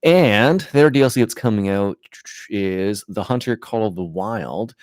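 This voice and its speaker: A man hosting a casual live-stream chat, rambling and relaxed, with frequent restarts and fillers. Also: fairly low pitch, measured pace, no room sound, clean studio sound. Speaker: gaming channel host.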